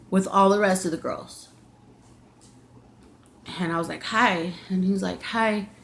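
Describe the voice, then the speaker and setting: A woman's voice: lowish voice, a little hiss or hum. A young adult woman vlogger telling a personal story in a confiding, emotional way.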